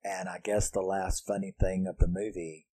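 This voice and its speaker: This is a low, level-toned male voice at normal speed, mellow and a bit rough, recorded with no echo. He's reviewing a horror film in a casual, foul-mouthed way, laughing a lot and quoting characters in put-on voices as he acts out their lines.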